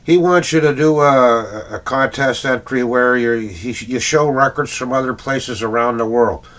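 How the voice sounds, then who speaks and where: A man's voice: mid-range voice, unhurried, a bit bright. A middle-aged Canadian man, a record collector, chatting in a rambling casual vlog full of fillers and little chuckles.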